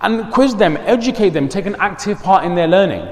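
A man teaching at a madrasa gives a community talk, mixing in Urdu and Arabic words and telling stories with lively energy. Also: high-pitched, brisk. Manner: mixes English with Urdu and Arabic words, animated storytelling. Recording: long hall reverb.

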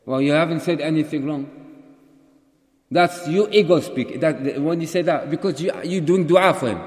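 A man's voice: on the high side, normal speed, darkish tone. A man leading a casual group question-and-answer session, chatty and storytelling, slipping in Urdu words. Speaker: community teacher leading a Q&A. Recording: echoey hall.

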